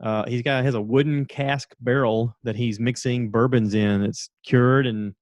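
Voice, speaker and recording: A man of middle pitch talks through a podcast monologue, loose and chatty. He jumps into the voices of the people in his story and laughs at himself, and the sound is close and dry. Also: steady tone, measured pace, no room sound. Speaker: podcast host. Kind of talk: casual solo podcast monologue.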